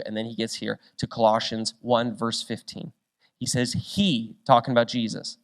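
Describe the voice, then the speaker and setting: A young man preaching a sermon, telling a story with quick shifts between loud and hushed delivery. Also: mid-range voice, little pitch movement. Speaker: pastor.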